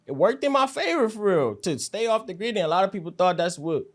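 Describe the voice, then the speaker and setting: Mellow, low-talking laid-back man. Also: big pitch swings, fast talker. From South Central Los Angeles. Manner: loose slang-heavy talk with frequent fillers. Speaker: rapper, interview guest. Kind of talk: casual interview chat.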